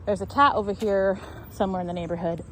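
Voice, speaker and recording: A woman's voice: mid-range voice, fairly even intonation, fast, slight background noise, low-quality recording. Explanatory woman dog trainer outdoors. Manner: explanatory, keeps checking in with "right?". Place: outdoors on a neighborhood street.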